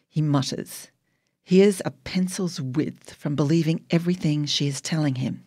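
A woman's voice: low-pitched, normal speed, mellow, husky, no room sound, clean studio sound. A woman narrating her memoir in a wry, emotionally charged audiobook reading.

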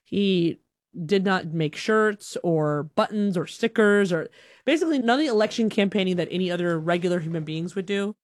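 A woman from Alabama telling a personal story in a lively, self-deprecating way, slipping into voices as she talks. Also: on the low side, normal speed, dry recording, clean studio sound. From Huntsville, Alabama, USA.

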